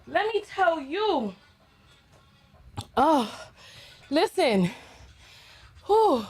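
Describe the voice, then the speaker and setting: A woman's voice: high-pitched, expressive, normal speed. A woman hosting a casual livestream, exuberant and playful, chatting to her viewers while out of breath. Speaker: livestream host.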